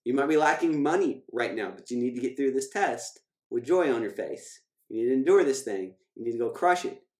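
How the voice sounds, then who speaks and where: A man, a financial coach, giving an emphatic motivational scripture talk, repeating key phrases and slowing down to read verses. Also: mid-range voice, lively intonation. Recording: echoey room.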